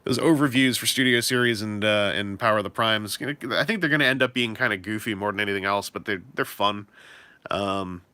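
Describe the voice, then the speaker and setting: Streamer type: young guy, bright and animated, chatty and self-deprecating, close dry mic. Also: fairly low pitch, brisk, clean tone, dry recording. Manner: rambling, self-deprecating, lots of fillers. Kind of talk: casual livestream chat.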